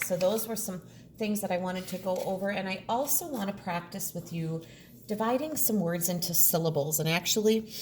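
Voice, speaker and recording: A woman teacher giving a recorded lesson, sounding out words slowly and deliberately. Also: lowish voice, a little hiss or hum.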